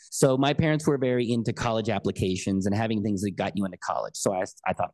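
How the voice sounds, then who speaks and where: A man's voice: on the low side, fast, hardly any pauses. Earnest man telling his story. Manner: earnest, emphatic, animated retelling. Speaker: podcast guest, coach. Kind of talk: personal storytelling in an interview.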